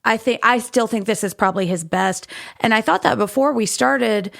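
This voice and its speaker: A woman's voice: fairly high pitch, normal speed, vocal fry, fairly bright tone. A woman co-hosting a podcast, talking through a book in a thoughtful, reflective way. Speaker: podcast co-host. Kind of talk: casual book discussion.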